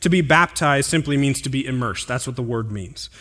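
A male pastor preaching a sermon, climbing to emphatic, higher-pitched stresses on key points and dropping low and quiet for asides and scripture references. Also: brisk. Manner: drops to a quieter, lower tone for asides and reading references.

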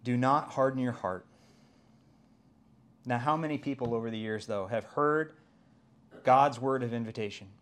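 A man's voice: medium pitch, moderate pace, long pauses, fairly bright tone. A middle-aged man preaching a sermon as pastor, earnest and rising to emphatic exclamations.

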